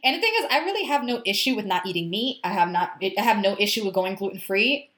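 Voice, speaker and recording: A young woman co-hosts a casual podcast, telling her stories with animated energy. Her voice sits at an ordinary middle pitch. The recording has a roomy echo around her. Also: quick pace. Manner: animated storyteller, acts out quoted dialogue. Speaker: podcast co-host. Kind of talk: casual chat.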